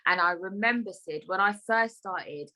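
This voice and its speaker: Female podcast host, lively casual chat, salty language. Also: medium pitch, normal speed, low-quality recording. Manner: chatty, animated, swears freely.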